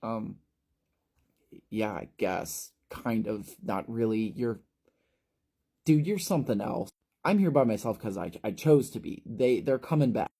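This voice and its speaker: In a storytelling recap, a man voices a panicky, irritable teenage boy who is agitated and jittery, stammering and snapping. His own voice is lowish, level and darkish, slow-paced with long pauses.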